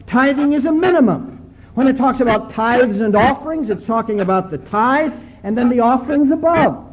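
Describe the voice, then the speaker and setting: A male pastor preaching a sermon with emphatic, drawn-out stresses and a folksy storytelling manner. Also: very high-pitched, expressive, rough recording.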